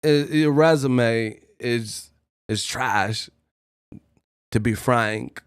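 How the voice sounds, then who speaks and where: A man's voice: mid-range voice, very slow, clean tone, no room sound, clean studio sound. A man hosting a boxing live stream, joking and laughing often as he does impressions. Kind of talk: casual live-stream commentary.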